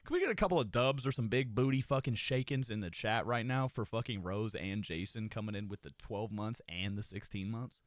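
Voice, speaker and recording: A young man streaming live, chatting casually with his viewers and giving them loud, profane, hyped-up shout-outs. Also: on the low side, fairly quick, hardly any pauses, dry recording, studio quality.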